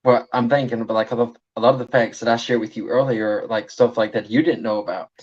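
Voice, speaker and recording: A man's voice: medium pitch, fairly even intonation, quick pace, breathy edge. Man, guest, modest, joking, trips on words, dull lo-fi sound. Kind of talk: casual livestream chat.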